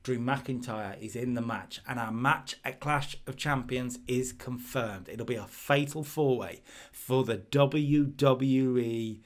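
A man's voice: mid-range voice, slow pace. A man casually commentating on his own playthrough of a wrestling management game, chatty and reading out scores as he goes. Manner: chatty, restarts and fillers, reads out scores. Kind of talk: casual let's-play commentary.

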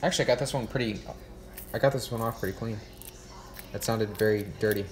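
A man's voice: on the low side, quick pace. A man hosting a casual livestream, joking and mocking himself with lots of swearing while he cooks. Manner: profane, joking, self-mocking.

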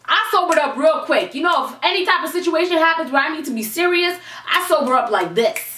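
A young woman from Canada telling a story on her vlog, brash and animated, with plenty of cursing. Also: sits high, quick pace, few pauses. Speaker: vlogger. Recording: roomy echo, mic far off.

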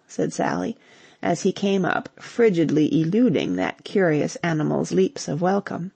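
Husky, gravelly woman narrating a novel. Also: fairly low pitch, expressive, moderate pace, dark tone, dry recording. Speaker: audiobook narrator. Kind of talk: scripted narration.

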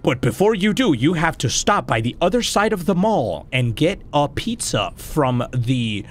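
A man doing excitable let's play commentary, swearing and shouting at the game as he plays. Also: on the high side, slight background noise. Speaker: gaming YouTuber.

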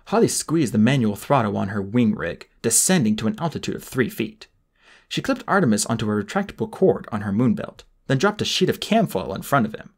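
A man reading a novel aloud as an amateur audiobook, with a dramatic, expressive delivery. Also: mid-range voice, fairly quick, vocal fry. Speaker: audiobook reader.

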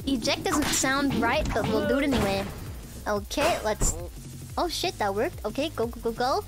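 Giggly, excitable high-voiced streamer woman. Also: moderate pace. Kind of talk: game let's-play commentary. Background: game music.

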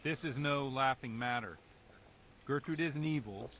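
Man playing a stern village priest, grave and preachy, video game dialogue, mid-pitched voice. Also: a little slow, a bit bright, a little hiss or hum, close to an everyday voice. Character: worried, stern middle-aged male village priest.

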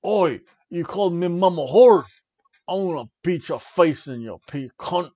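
A man voicing a hot-tempered brawler from a pub, with a put-on English accent and a loud, threatening manner. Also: high-pitched, expressive, measured pace, no echo, dull audio, pitched above the performer's own voice. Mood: menacing.

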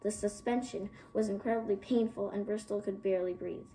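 A woman storyteller reading a novel aloud, expressive, with small slips and restarts. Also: mid-range voice, a little fast, slight background noise, poor audio.

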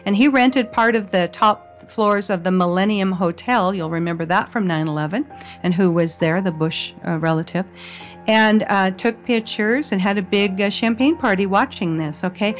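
A woman giving a casual monologue as a video blogger, telling her story in an insistent, conspiratorial way. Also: medium pitch.

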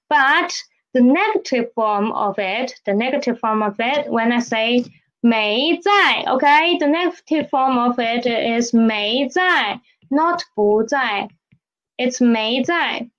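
A woman teaching a Mandarin lesson in English, explaining slowly and repeating key phrases with "okay?". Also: fairly high pitch, dull audio. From Philippines. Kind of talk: language lesson.

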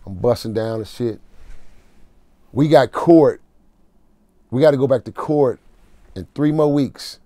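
A man tells a raw story from his time in jail, speaking street slang with a dark, mellow tone. He sits close to a dry, deadened mic. His voice sinks low and quiet through the heavy moments. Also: unhurried, pauses often, no echo. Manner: street slang, emotional prison storytelling, drops to a low murmur. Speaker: interview guest. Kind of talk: storytelling in a casual interview.

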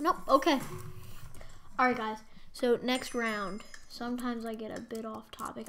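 Excitable young woman gaming streamer. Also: on the high side, slight background noise. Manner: excitable, squeals and shouts at game events. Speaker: gaming YouTuber. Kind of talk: Minecraft let's play commentary.

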